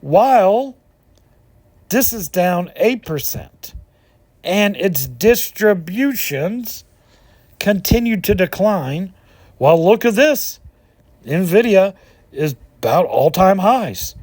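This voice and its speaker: A man talks through stock charts with lively ups and downs in his pitch. He sounds indignant and keeps asking rhetorical questions. The sound is dry and close. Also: slow, pauses often, dry recording. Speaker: finance channel host. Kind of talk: casual commentary over stock charts.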